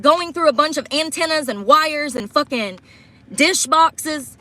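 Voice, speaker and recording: A woman's voice: high voice, expressive, a little slow, sharp tone. A profane woman venting in a truck. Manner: profane, blunt and exasperated. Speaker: vlogger livestreaming a get-ready-with-me. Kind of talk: casual storytelling while doing makeup. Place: inside a parked truck.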